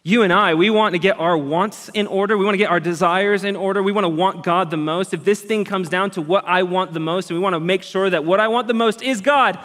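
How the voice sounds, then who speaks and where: A man preaching a sermon as a pastor, earnest and conversational, with lively emphasis. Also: sits high, a little fast, few pauses. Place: church auditorium. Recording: long hall reverb.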